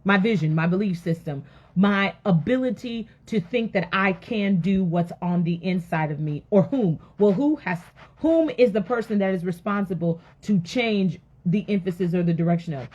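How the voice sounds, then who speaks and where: A woman giving an energetic motivational sermon, firing rhetorical questions and breaking into sudden loud exclamations. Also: mid-range voice, moderate pace, lo-fi sound. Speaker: motivational faith speaker.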